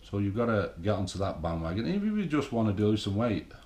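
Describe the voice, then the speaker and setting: A man's voice: lowish voice, very animated, quick pace, a little mellow. A middle-aged man, talking to camera in a casual, rambling, sweary motivational monologue about bodybuilding. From England. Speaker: bodybuilding vlogger. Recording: echoey room.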